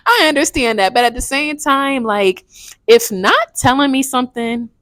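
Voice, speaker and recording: Twenties woman, casual book-review vlogger, swings up and down in pitch, candid and rambling. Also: sing-song, moderate pace, a bit bright, dry recording, studio quality. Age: 20s. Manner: frank, rambling, swears casually.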